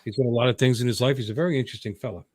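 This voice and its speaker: Male show host, mid pitch, dry close mic, loose rambling banter that keeps restarting. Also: racing, slightly rough, no echo. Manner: rambling, jokey, self-interrupting. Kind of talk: casual livestream chat.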